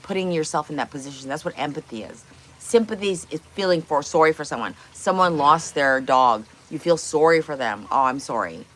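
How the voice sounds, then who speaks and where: Woman streamer, low voice, blunt, opinionated, casual swearing, rhetorical questions. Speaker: livestream host. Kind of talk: casual livestream chat. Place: home kitchen.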